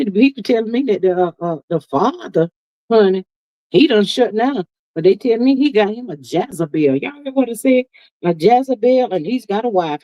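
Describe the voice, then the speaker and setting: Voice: mid-range voice, dark tone, no room sound. Sassy gossip-stream host, dull dry audio. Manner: sassy, folksy, peppered with "honey" and "child". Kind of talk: casual live-stream commentary, reading viewer comments.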